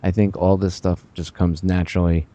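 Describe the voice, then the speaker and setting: A man hosting a radio talk show, rambling with sarcastic, animated asides. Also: sits low, moderate pace, lo-fi sound.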